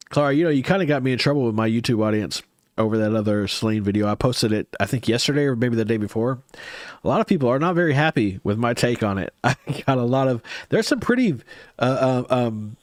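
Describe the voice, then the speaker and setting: A man's voice: medium pitch, no echo, clean studio sound. A man hosting a casual livestream, chatting with viewers in a rambling, hesitant way with many restarts, his nose a bit stuffy. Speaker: livestream host.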